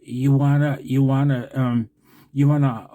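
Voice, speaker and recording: A man's voice: mid-range voice, level tone, measured pace, mellow. A middle-aged man ranting in frustration about radio antennas, swearing and repeating himself. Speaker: ham radio vlogger. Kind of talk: heated rant to camera.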